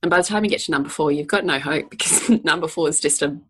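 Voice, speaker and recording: A woman in her forties co-hosts a casual podcast, telling family stories animatedly, laughing often and swearing casually. Her voice is low-pitched and fast, with a breathy edge.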